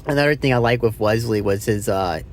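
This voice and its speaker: A man giving a casual spoken movie review who rambles, swears freely and loses his train of thought. He gets loud and excited when he retells scenes. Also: lowish voice, fairly quick, slight background noise.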